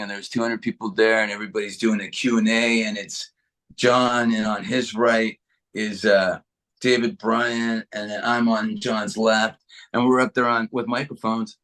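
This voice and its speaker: A middle-aged man from Canada, a guitarist being interviewed, chatting in a relaxed, rambling way with many restarts. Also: on the low side. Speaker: guitarist guest. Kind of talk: casual interview chat.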